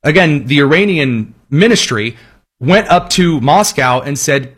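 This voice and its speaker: A man hosting a solo political commentary show, talking emphatically with sarcastic asides. His voice sits somewhat high for a man, and his delivery stays pointed and opinionated. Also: lively intonation, a little slow, fairly bright tone, breathy edge.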